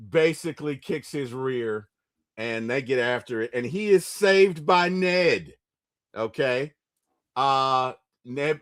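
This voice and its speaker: A movie review podcast host with a mid-range voice leads a casual recap chat. He retells scenes in lively bursts, tossing in quick impressions.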